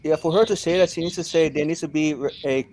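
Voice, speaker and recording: A man's voice: a little high, steady tone, fast, a little mellow. Affirming man hosting a panel. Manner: affirming, moderating, stumbles over words. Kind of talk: casual panel discussion.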